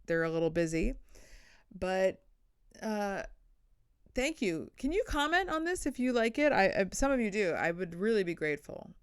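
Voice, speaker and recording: A woman's voice: medium pitch, big pitch swings, moderate pace, clear, resonant tone, no echo, studio quality. A young adult woman hosting a casual solo comedy podcast, rambling and blunt with self-deprecating asides, sitting on the floor indoors.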